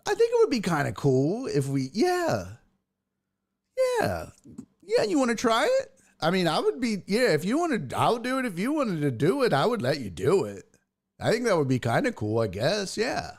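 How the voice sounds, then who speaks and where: A man's voice: high voice, wildly swooping pitch, moderate pace. A man hosting a casual livestream show, joking crudely and laughing as he reads viewer comments. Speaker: podcast host.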